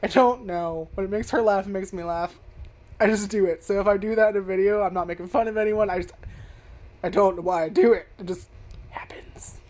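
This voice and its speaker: A woman's voice: mid-range voice, fairly even intonation, fairly quick, a little mellow. A woman reviewing an anime at home in front of a webcam, rambling and swearing with lots of fillers. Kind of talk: casual video review. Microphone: webcam zoomed in on face.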